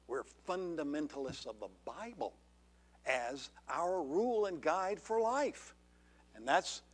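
A man preaching a sermon as pastor, earnest and full of rhetorical questions to the congregation. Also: fairly high pitch. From Georgia, USA. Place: church sanctuary.

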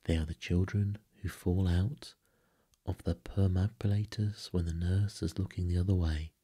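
A man voicing a good-natured, cocky young boy in a bedtime storybook reading, speaking softly and half-whispered. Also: sits low, fairly even intonation, moderate pace, slightly rough. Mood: gentle.

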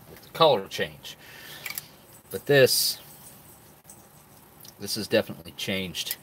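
A man's voice: fairly low pitch, fairly bright tone, a little hiss or hum. A man chatting casually to his viewers while he tastes old food, sometimes talking with his mouth full. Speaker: food reviewer. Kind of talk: casual vlog talk to camera.

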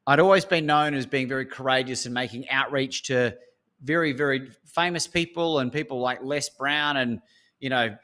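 A man's voice: mid-range voice, a bit bright. An Australian man, a speaker and coach, telling a story as an interview guest and acting out the phone calls.

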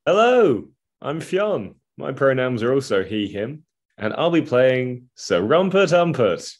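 A man's voice: mid-range voice, big pitch swings, unhurried. A man playing a tabletop role-playing game, chatting playfully. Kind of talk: casual chat.

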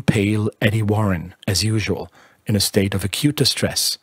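A man reading a literary short story aloud in a measured, expressive narration. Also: fairly low pitch, breathy edge, dry recording, studio quality.

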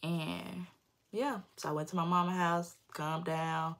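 A young adult woman vlogger telling a personal story in an animated, slangy, emphatic way. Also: on the low side, measured pace. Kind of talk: storytime vlog.

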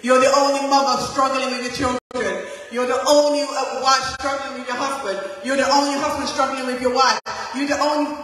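Woman, preacher, passionate sermon, high voice, loud calls and hushed asides, heavy echo, long hall reverb. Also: level tone, brisk, hardly any pauses. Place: large hall or church. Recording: very echoey hall, voice from far off.

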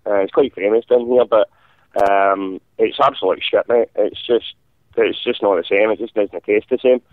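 A man's voice: fairly low pitch, normal speed, no room sound. A hungover man calling in to a radio show, rambling and swearing with many ums. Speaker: caller. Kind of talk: casual phone chat. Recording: dry tinny phone line.

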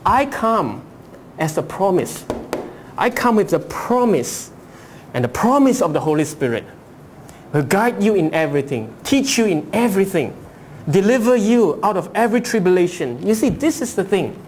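A man's voice: sits high, sing-song, normal speed, slight background noise. A male pastor preaching a sermon, asking rhetorical questions and acting out voices as he reads scripture.

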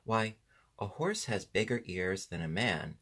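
A man voicing a spirited, quick-tempered young boy, speaking in a raised, emphatic voice. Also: on the low side, lively intonation, fairly bright tone, slightly rough, heavily acted. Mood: eager.

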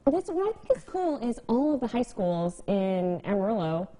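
A woman's voice: mid-range voice, very animated, dark tone, poor audio. Bubbly woman TV host. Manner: bubbly, playful, quick to laugh. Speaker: TV show host. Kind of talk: lively morning TV interview.

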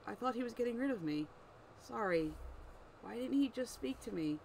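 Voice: mid-range voice, lively intonation, moderate pace, gravelly, a little mellow, slight background noise, voice pushed up, poor audio. A reader voicing a proud, ancient, eyeless female demon servant with horns, scornful and easily wounded, in an amateur story read-aloud. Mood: hurt.

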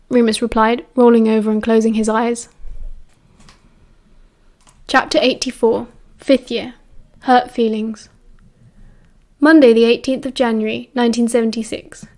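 A woman's voice: fairly high pitch, a little mellow. British woman reading an audiobook. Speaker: audiobook narrator.

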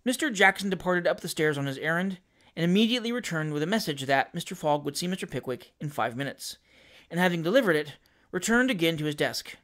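Man reading an old novel aloud, fairly high voice, dramatic. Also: fast talker. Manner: expressive, theatrical. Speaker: reader. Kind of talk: audiobook-style reading of a classic novel.

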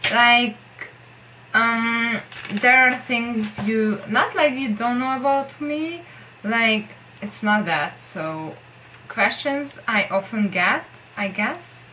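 A woman talks to her viewers in a casual vlog. She speaks slowly and hesitantly, rambling and circling back on herself. Her voice is bright and clear. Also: fairly high pitch, a little hiss or hum, low-quality recording. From Central Europe. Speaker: vlogger. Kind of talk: casual talking-to-camera vlog.

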